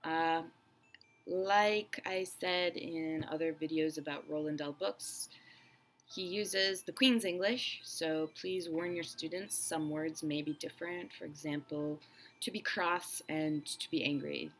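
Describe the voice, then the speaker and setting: A woman teacher reviewing a children's book, explaining slowly and carefully and then reading a passage aloud. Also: sits low, fairly even intonation, fairly bright tone, slight background noise, rough recording. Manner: friendly, explanatory, slow and careful.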